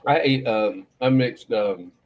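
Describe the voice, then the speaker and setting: A man's voice: lowish voice, slow, a little mellow, muffled recording. A middle-aged man, hosting a morning show and telling rambling, profane stories. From Florida. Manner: rambling storyteller, profane, laughs often. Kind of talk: casual chat.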